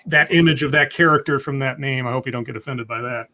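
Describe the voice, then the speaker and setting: A man's voice: medium pitch, quick pace, bright, forceful tone. A man hosting a live call-in stream, chatting casually and joking, with lots of fillers and restarts. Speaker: livestream host.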